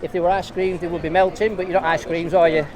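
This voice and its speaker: A man's voice: high-pitched, little pitch movement, quick pace. A man vlogging a protest on a handheld camera, chatting and joking with passers-by in the street. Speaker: street video blogger filming a protest. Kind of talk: casual chat to camera and to passers-by. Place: busy city street outdoors. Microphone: handheld camera mic. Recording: noisy outdoor crowd recording. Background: crowd and traffic.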